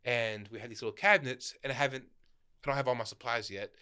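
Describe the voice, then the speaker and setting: A young man who owns a shop, telling stories in a casual chat, animated and laughing, tagging his sentences with "right?". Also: medium pitch, a little fast, smooth. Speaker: store owner, podcast guest.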